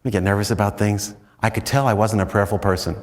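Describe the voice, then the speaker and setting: An American man, a priest, telling stories in a chatty, self-mocking retreat talk full of "you know"s, and often breaking into animated high swoops. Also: fast talker, long reverb tail. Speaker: priest giving a spiritual talk.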